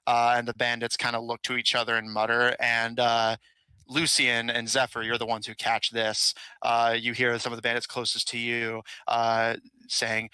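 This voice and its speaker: A man runs a tabletop game with a very bright, forward voice. He narrates casually, filling gaps with "uh"s and restarts. The sound is dry and close. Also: medium pitch, monotone, normal speed, clean tone, dry recording, poor audio. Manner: casual, filler-heavy narration with frequent "uh"s. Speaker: game master.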